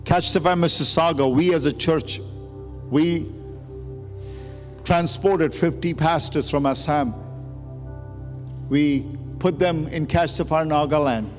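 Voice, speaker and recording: This male pastor's voice is fairly high and steady, a little slow, with long pauses. He shares an emotional story from the pulpit that escalates into urgent preaching, heard through long church hall reverb over background music.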